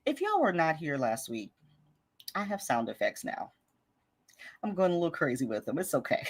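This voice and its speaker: Lively, upbeat woman hosting a live stream. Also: a little high, moderate pace. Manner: upbeat, encouraging, chatty, laughs often. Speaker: host of a budgeting live stream. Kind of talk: casual live-stream chat, reading viewer comments aloud.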